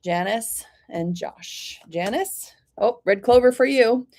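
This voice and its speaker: Gentle woman reading oracle cards live. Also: a little high, slow. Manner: gentle, reassuring, clears throat often; chatty, addresses viewers by name. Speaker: oracle card reader. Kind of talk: live-streamed card reading.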